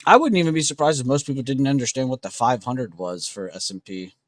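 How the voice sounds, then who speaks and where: A man's voice: mid-range voice, quick pace, dry recording, clean studio sound. A young man hosting a trading livestream, chatting casually and slangily with his viewers. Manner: relaxed, slangy, talks to chat with "bro" and "dude".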